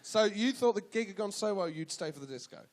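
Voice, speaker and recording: A man hosts a live radio panel, cutting in with quick, teasing questions to the storyteller. His voice is high and very animated, rising and falling sharply as he prods for details. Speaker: host.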